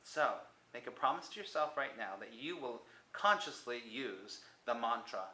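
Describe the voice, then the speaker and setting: A man giving a motivational self-help talk to the viewer, coaxing and repetitive, sometimes dropping to a soft near-whisper. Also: mid-range voice, normal speed, few pauses, echoey room, slight background noise, rough recording.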